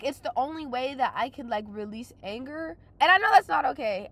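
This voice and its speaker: A young woman venting through a casual storytelling rant, exasperated and swearing a lot, her voice hoarse from crying. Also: high-pitched, animated, a little fast, few pauses, a bit bright, no room sound. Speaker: vlogger.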